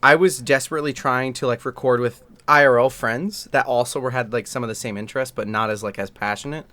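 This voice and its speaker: A man's voice: mid-range voice, fairly even intonation, fast, sharp tone, no echo. A young man co-hosting a casual podcast chat, rambling and swearing with lots of fillers. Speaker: podcast co-host.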